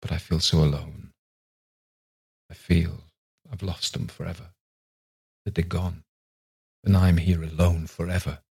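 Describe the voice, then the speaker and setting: A man voicing a lonely, grieving middle-aged man in a ghost story, speaking quietly and wearily. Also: very deep voice, level tone, normal speed, slightly rough. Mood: subdued. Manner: quiet, subdued, weary.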